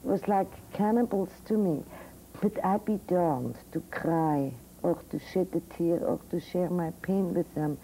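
Older woman psychiatrist telling a raw personal story to students, very dark mellow tone, old tape feel. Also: fairly low pitch, unhurried, rough recording. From Switzerland. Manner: frank, vivid, emotionally direct storytelling. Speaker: psychiatrist speaking to medical students. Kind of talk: candid storytelling lecture. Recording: old 1982 recording with faint hiss.

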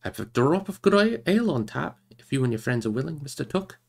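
A man's voice: on the high side, sing-song, brisk, gravelly, a little mellow, heavily acted. A man voicing a stout, blustering hobbit farmer in a hearty, rustic manner for a storybook reading. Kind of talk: storybook character voice.

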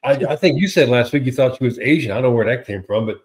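A man co-hosting a casual political chat, animated and sarcastic, who often repeats words and acts out quotes. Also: mid-range voice, racing. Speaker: co-host.

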